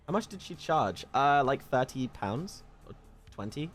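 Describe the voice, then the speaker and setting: A chatty man from the south of England with a southern English accent, reading comments to his stream. His voice is very lively and swings often into excited squeals, and he trips into restarts as he talks. Soft music plays faintly underneath. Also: normal speed. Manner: animated, jumps to high excited squeals; stammering restarts. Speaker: livestreamer. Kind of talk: casual chat reading live comments.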